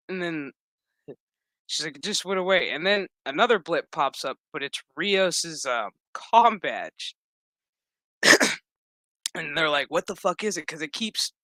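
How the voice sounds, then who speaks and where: Bright, profane, rambling man recapping. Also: on the high side, no room sound. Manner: rambling, profane, acts out quotes. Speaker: show recap reviewer. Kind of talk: casual profane episode recap.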